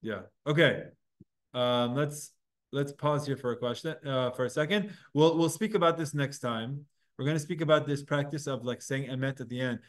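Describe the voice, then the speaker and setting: Leading a Talmud lesson, this man talks at a normal speed in a mid-range voice. His explanation unfolds step by step, and he keeps things casual and chatty with the students, raising questions and then answering them himself.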